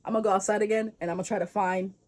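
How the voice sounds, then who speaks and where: A woman's voice: medium pitch, fairly even intonation, very fast, a little mellow, natural voice. A brash boy prince talks back in slang, cocky and defiant, as a young woman voices him in a comic folktale retelling. His voice stays close to her own everyday one.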